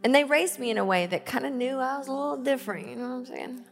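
A woman's voice: sits high, lively intonation, fast talker, gravelly. A woman in her thirties, a pastor, preaching a sermon in a church, reading scripture with emphasis and telling personal stories in a conversational way. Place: church sanctuary. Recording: reverberant hall with soft band music. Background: soft band music.

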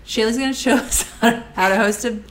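A woman in her thirties co-hosting a podcast in casual, comedic chat, playful and quick to laugh. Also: on the high side. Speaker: podcast co-host.

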